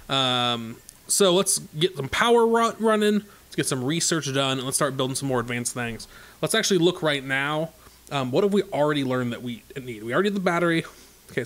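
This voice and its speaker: A man's voice: medium pitch, fairly bright tone. A man casually commenting on his own gameplay, thinking aloud in a chatty way with many fillers. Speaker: let's play host.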